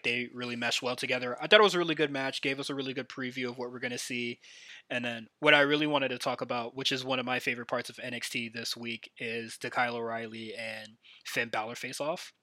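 Bright, dry-voiced man chatting wrestling. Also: mid-range voice, dry recording. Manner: rambling, filler-heavy, enthusiastic fan talk. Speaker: podcast host. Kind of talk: casual solo wrestling recap.

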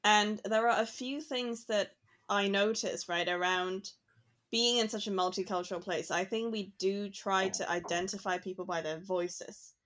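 Woman from hong kong cohosting, chatty and expressive. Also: medium pitch, moderate pace. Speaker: podcast co-host. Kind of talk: casual chat. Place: London.

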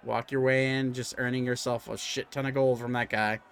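A man's voice: mid-range voice, little pitch movement, fairly quick, crowd noise. A young man narrating as game master, rambling with lots of fillers and restarts. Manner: rambling with fillers, jumps into character voices.

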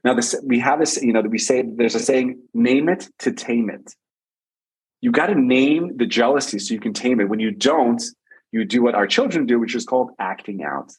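This man's voice has a husky, slightly breathy grain. He sits at a middle pitch and works through relationship advice in an animated storytelling way, often repeating his phrases for emphasis. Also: fairly quick, rough recording. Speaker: relationship coach guest. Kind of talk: conversational advice.

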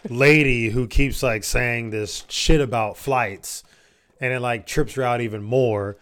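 A man's voice: mid-range voice, fairly even intonation, measured pace, fairly bright tone, clean tone. Man chiming in with dry remarks. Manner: short dry interjections. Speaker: podcast co-host. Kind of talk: casual chat.

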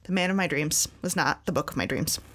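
A woman co-hosting a casual book-chat podcast, chatty and quick to laugh. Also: sits low. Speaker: podcast co-host.

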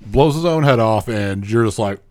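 A man's voice: on the low side, animated, normal speed, a little mellow. A man on a podcast chiming in with short asides while a film's plot is retold, swearing now and then. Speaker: podcast co-host. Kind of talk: casual movie recap chat.

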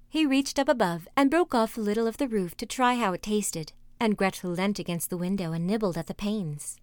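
A woman reads a fairy tale aloud in a measured, expressive way. Her voice sits mid-pitch. The sound is dry and close. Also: dry recording. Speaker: narrator. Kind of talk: storybook reading.

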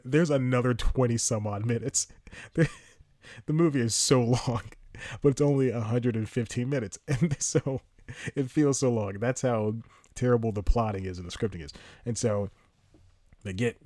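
On his podcast, a man with a mid-range, dark-toned voice talks loosely about a film he saw. The recording is dry and clean, studio-grade. He rambles, interrupts himself and keeps chuckling.

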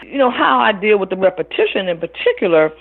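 A middle-aged woman talks as an interview guest, full of lively stories where she acts out the people in them. Her voice comes through a thin, tinny phone line. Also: medium pitch, fast, gravelly, breathy edge. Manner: animated storyteller who acts out other people's voices. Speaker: author and caregiver guest. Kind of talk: interview conversation.

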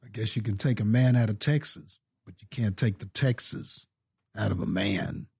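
A man's voice: fairly low pitch, normal speed, vocal fry, a little mellow, husky, no room sound, studio quality. A man co-hosting a podcast in casual chat, laid-back and teasing, calling his friend brother. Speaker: podcast co-host.

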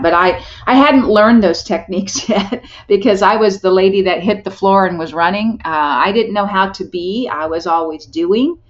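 A woman's voice: on the low side, dull audio. A middle-aged woman telling a personal story as a podcast guest, earnest and heartfelt, often restarting her sentences.

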